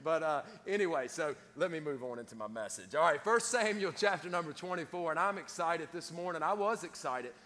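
A man's voice: a little high, lively intonation, a little fast, few pauses, a bit bright. A middle-aged man, preaching a sermon with casual, self-deprecating asides to his congregation. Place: church sanctuary. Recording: long church reverb.

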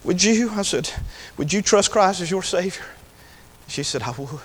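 Man, preacher, revival sermon, very high voice, long hall reverb. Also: lively intonation, breathy edge. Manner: swings from hushed storytelling to shouted, drawn-out preaching. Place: church sanctuary.

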